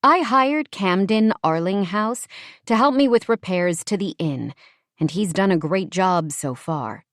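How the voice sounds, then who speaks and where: A woman's voice: mid-range voice, expressive, a little slow, dry recording, clean studio sound, close to an everyday voice. A woman playing an icy upper-class woman. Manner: cold, precise, steely.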